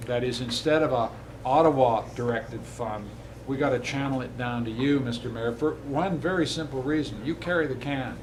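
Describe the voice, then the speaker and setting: A man and politician giving a rousing campaign speech and answering questions, stacking emphatic lists that build to loud peaks. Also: mid-range voice, normal speed, background noise.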